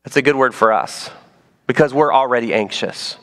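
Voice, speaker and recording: A man preaching a sermon as pastor, animated and playful, dropping to soft emphasis on key points. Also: medium pitch, normal speed.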